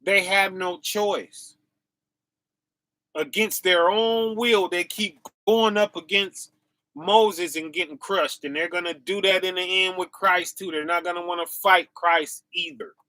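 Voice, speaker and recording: Bright-voiced man preaching a loose, slangy sermon. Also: sits high, fairly even intonation, unhurried, no room sound. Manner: casual slang, repetitive "right?" and "y'all"; laughs to himself, dips quiet then bursts loud. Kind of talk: informal sermon.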